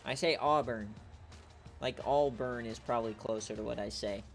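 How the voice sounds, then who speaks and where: A man hosting a live stream, calling a simulated football game in a loose, joking way and teasing other players. His voice sits at a middling pitch and jumps to loud shouts when a play turns. Soft music plays faintly underneath. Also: normal speed. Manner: joking, trash-talking, gets loud and excited at big plays. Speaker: online league host and streamer.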